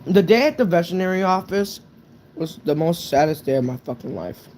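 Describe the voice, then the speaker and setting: A man's voice: on the high side, animated, brisk, a little mellow, a little hiss or hum. Young man telling a story, casual. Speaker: streamer. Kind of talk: casual storytelling on a live stream.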